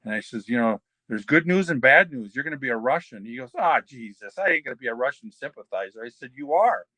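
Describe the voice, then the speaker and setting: An older man telling rambling anecdotes in an interview, slipping into the voices of the people he quotes. His tone is bright and forward. The sound is dry and close to the mic. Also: medium pitch, lively intonation, fast, no room sound. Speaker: interview guest. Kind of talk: storytelling shoot interview.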